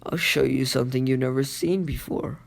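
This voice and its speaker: A man voicing a brooding teenage demon ninja who taunts his rival in low, menacing lines. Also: fairly even intonation, fairly quick, gravelly. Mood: taunting.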